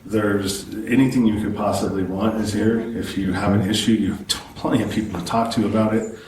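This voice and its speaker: A man's voice: on the low side, fairly even intonation, a little fast, darkish tone, recorded from a distance, slight background noise. A man hosting a podcast, asking rambling, casual questions with some swearing. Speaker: podcast host. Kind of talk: casual interview. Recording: echoey room, voice from off-mic.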